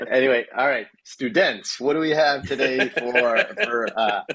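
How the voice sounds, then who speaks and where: A man's voice: mid-range voice, a bit bright, husky. A man hosting a physical therapy podcast in casual chat, rambling with many fillers and frequent laughter.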